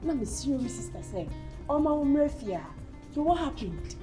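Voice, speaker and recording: Actress playing a hurt Ghanaian woman, higher voice, accusing her man, faint music behind. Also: very animated, moderate pace, mellow. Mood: upset. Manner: emotional, pleading and accusing. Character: upset young woman accusing her lover. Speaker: woman confronting her partner. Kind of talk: amateur drama acting.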